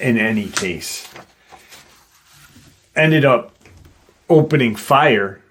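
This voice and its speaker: Male storyteller, low voice, slow loose delivery, casual with profanity. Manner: unhurried, conversational, with fillers and swearing. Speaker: paranormal story narrator. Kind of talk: casual retelling of a listener's encounter.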